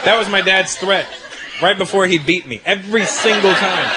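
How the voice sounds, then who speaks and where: A male stand-up comedian tells an animated story on stage and slips into character voices. His voice sits high, and loud audience laughter pours over the recording. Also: moderate pace, over a noisy crowd, heavy background noise.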